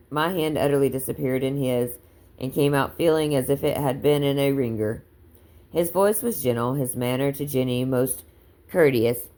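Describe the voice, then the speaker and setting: A woman reading a book aloud in an unhurried way, now and then stumbling and correcting herself. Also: extremely low pitch, darkish tone. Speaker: audiobook reader.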